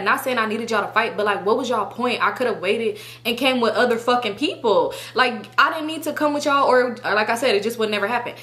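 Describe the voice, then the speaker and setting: A young woman casually telling a story to her viewers, animated and profane, acting out her friends' lines. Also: fairly high pitch, a little fast, hardly any pauses. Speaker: storytime vlogger.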